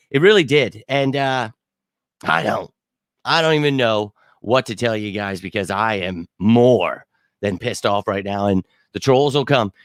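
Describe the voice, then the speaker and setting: A man in the middle of an angry postgame rant, irate and still shaken, tripping over his words and starting over. His voice sits at an ordinary pitch and is recorded close and dry, with no room sound around it. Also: clear, resonant tone, no echo. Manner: angry, exasperated rant with frequent restarts. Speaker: podcast host. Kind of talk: postgame fan reaction talk.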